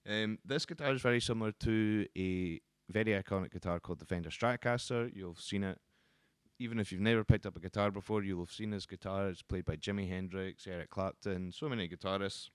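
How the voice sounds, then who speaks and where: A man who works as a guitar teacher, explaining the instrument in a relaxed, casual way with frequent ums and restarts. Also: deep voice, fairly quick, smooth, no echo, studio quality.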